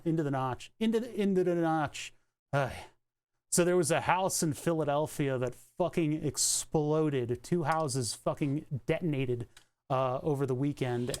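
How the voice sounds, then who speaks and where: Rambling streamer man, fairly high voice. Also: darkish tone, clear, resonant tone. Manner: thinks aloud, rambling, swears casually. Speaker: streamer doing car electronics repair. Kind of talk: casual live-stream commentary.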